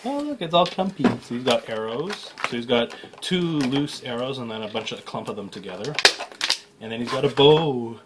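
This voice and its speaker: A man reviews action figures in a relaxed, joking way, wandering into asides as he cuts open boxes. His pitch sits in an ordinary middle range. Heavy noise runs under the recording. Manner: joking, rambling, quick asides. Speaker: toy reviewer host. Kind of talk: casual unboxing chat. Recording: loud background noise.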